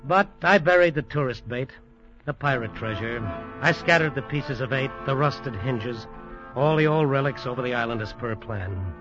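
An actor playing a blunt, suspicious hotel owner who also narrates, in a 1950s radio drama. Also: male voice, mid-range voice, expressive, normal speed, music in the background, lightly acted. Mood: narrating. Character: hot-tempered island hotel owner, jealous. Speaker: narrator of the story. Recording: dull lo-fi old radio broadcast.

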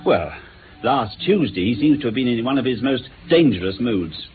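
An earnest, slightly frustrated police inspector, acted by a man in a radio drama. He lays out facts plainly, with a lively pitch. The sound is thin and phone-like with a faint hiss. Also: normal speed, natural voice. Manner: plain, matter-of-fact reporting.

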